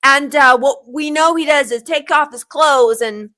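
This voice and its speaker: Bright, high-voiced woman narrating trivia. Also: unhurried. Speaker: short-video narrator. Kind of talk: scripted narration of movie trivia.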